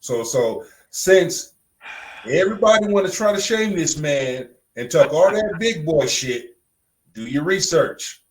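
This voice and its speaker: A man's voice: on the high side, expressive, measured pace, poor audio. A man co-hosting a podcast in casual chat, blunt and emphatic, repeating phrases for punch. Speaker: podcast co-host.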